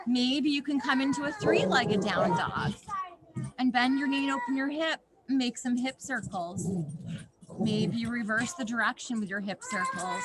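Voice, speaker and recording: A young woman leading a yoga class for children outdoors in a snowy backyard, giving gentle instructions with playful asides. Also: a little high, very noisy. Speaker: yoga teacher.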